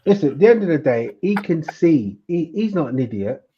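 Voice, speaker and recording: A man's voice: fairly high pitch, sing-song, a little fast, warm tone, a little hiss or hum. A man co-hosting a football podcast, talking bluntly and repeating himself when he is exasperated. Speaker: podcast co-host. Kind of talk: casual football chat. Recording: dull lo-fi sound.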